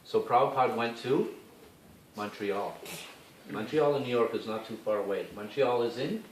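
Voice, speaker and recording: A man's voice: medium pitch, normal speed. A Canadian man giving a rambling, informal talk to a gathering at a temple, with lots of asides and restarts. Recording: echoey hall, speaker far from the mic, faint hiss.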